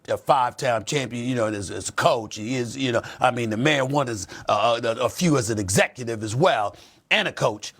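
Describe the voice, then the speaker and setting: A man hosting a sports debate show, preaching with passion and building up to shouts. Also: mid-range voice. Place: TV studio.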